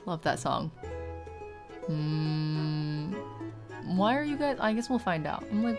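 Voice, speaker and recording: A woman's voice: low voice, expressive, takes it slowly, long pauses, soft background music. A woman streamer chatting casually and giggling as she plays through a game and reacts to its scenes. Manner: giggly, playful, reacts loudly. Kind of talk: casual let's-play commentary.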